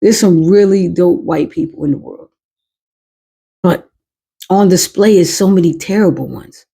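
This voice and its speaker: A woman's voice: on the low side, measured pace, vocal fry, mellow, breathy edge. A woman hosting a podcast, giving blunt, emphatic commentary in a casual way. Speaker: podcast host.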